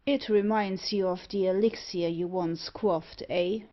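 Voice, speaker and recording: A woman voicing a suave, wealthy male tempter with a mocking, devilish air, delivering his lines slowly and deliberately. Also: lowish voice, fairly even intonation, natural voice. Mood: coaxing. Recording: dull lo-fi audiobook recording.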